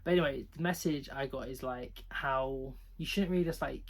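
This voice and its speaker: Speaking at normal speed in a mid-range voice with vocal fry, a male book vlogger rambles through casual book reviews. His talk is chatty and giggly, and he keeps filling it with "like".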